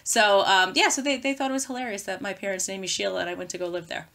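A woman with a strong Queens New York accent and a bright, sharp voice. She chats as a podcast guest, animated and quick to laugh. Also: medium pitch, gravelly. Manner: animated, storytelling, laughing easily. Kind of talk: casual chat.

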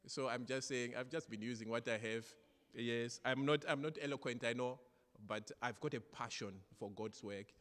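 A middle-aged man preaching a sermon in a church, earnest and repetitive, moving between loud exhortation and soft, personal storytelling. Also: medium pitch, lively intonation, normal speed. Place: church hall. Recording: church hall reverb.

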